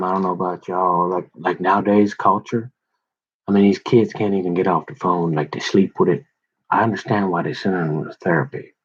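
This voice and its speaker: Husky-voiced man rambling casually, lo-fi. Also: fairly low pitch. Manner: drawling, folksy, slips into whispers. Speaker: vlogger reading scripture. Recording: dull lo-fi recording.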